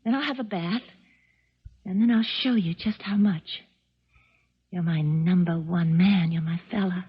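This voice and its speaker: An actress playing a flighty, clingy young wife with a tinkly, phony baby-doll voice in a 1970s radio drama. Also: female voice, lowish voice, moderate pace. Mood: cooing, clingy. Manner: breathy, cooing, drifting into whispers. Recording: dull 1970s radio broadcast.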